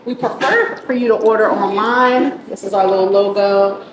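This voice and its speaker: Chatty restaurant owner from the Bronx. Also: female voice, mid-range voice, moderate pace. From the Bronx, New York. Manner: warm, proud, chatty with many ums. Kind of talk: casual interview. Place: inside her restaurant. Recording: echoey room with background noise.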